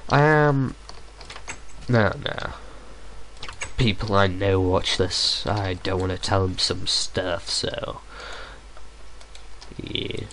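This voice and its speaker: Young guy rambling over his game at home, slow and kinda low, lots of ums, faint keyboard clicks behind. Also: fairly bright tone, slight background noise. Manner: rambling, hesitant, full of fillers. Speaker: let's play gamer. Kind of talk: casual gameplay commentary. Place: room at home.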